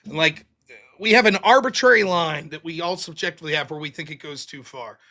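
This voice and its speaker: A man's voice: fairly high pitch, fairly quick, sharp tone. A man hosting a live-streamed talk show in casual, profane chat, often mimicking other people in mocking voices. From United States. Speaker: show host. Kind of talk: casual livestream debate chat.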